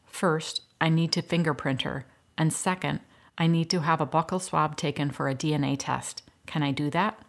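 A woman's voice: low-pitched, moderate pace. A woman reading the lines of a female investigator, direct and matter-of-fact. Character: determined female investigator, former sheriff.

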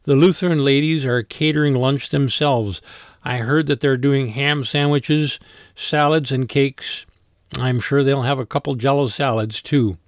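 A man's voice: medium pitch, fairly even intonation, a little slow, no room sound, studio quality, close to an everyday voice. Sarcastic woman, voiced by a man. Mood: persuasive. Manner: sarcastic, blunt. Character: sarcastic blunt woman, nursing home coworker. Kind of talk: audiobook character voice.

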